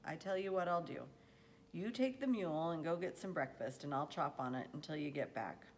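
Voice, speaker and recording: A woman reading aloud as a patient farmer father speaking to his son in a slow, calm, reassuring way. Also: deep voice, a little hiss or hum. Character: kindly, patient farmer father, middle-aged man.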